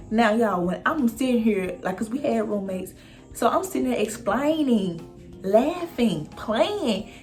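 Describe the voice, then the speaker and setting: A young woman casually telling her viewers a story, animated and profane, talking straight to them. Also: medium pitch.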